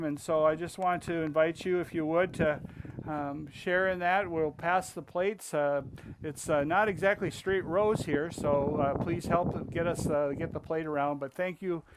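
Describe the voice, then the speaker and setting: Halting man leading outdoor church service. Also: a little high, noisy background. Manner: relaxed, halting, many fillers. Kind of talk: casual church announcements.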